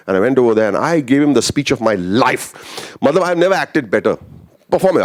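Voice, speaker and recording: Man, animated storyteller; quick and very expressive. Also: mid-range voice. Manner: lively, switches into characters. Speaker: speaker telling life stories.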